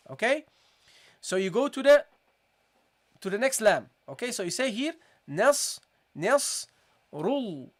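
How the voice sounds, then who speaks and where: A Quran recitation teacher giving a live online lesson, who repeats each point, keeps addressing the audience as "guys" and slowly models syllables for students to copy. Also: mid-range voice. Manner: asks for chat responses, encouraging.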